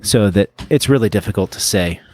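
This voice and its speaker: Low-voiced rambling podcast co-host man. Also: brisk, darkish tone, no echo. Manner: rambling, searches for names mid-sentence. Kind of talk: casual chat.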